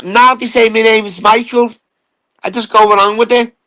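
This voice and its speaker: A man's voice: high-pitched, little pitch movement, normal speed, sharp tone, rough recording. A man rants on his live stream, taunting an absent rival and swearing as he rambles. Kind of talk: ranting casual live stream.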